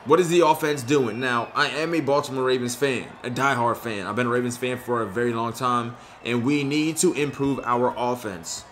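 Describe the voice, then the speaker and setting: A young man giving casual, slangy commentary on his own video game play, excitable and frustrated. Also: mid-range voice, normal speed, hardly any pauses, slight background noise. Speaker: gaming YouTuber.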